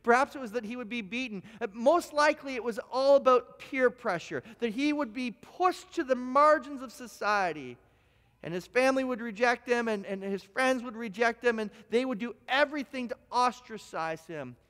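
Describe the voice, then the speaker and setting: A man preaching a sermon as pastor, telling stories in an animated, self-deprecating way with frequent restarts. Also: very high-pitched, normal speed. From Ontario, Canada. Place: church sanctuary. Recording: long church hall reverb.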